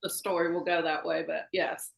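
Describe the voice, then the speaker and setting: A woman's voice: deep voice, little pitch movement, moderate pace, gravelly. Woman guest, thick Southern Georgia accent, meandering storyteller, roomy echo on the track. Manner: rambling, hesitant, lots of fillers. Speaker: podcast guest. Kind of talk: casual storytelling.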